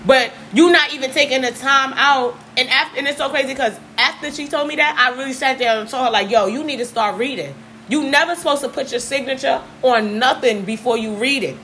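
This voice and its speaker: A woman in a casual talk, telling stories in an animated, blunt way and swearing freely. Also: high voice, brisk, rough recording. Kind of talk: casual chat, storytelling. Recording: faint background noise.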